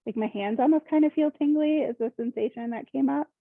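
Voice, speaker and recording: This workshop participant, a young woman from Minnesota, speaks in a high, creaky voice at a fairly quick clip with no room sound. She shares personal things casually but hesitantly, searching for words and leaning heavily on "like," and the call audio is tinny.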